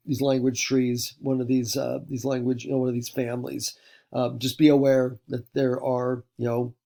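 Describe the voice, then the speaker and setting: Guy from the teaching a recorded class, gravelly, mellow, lots of ums and restarts. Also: mid-range voice. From United States. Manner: rambling, many fillers and restarts.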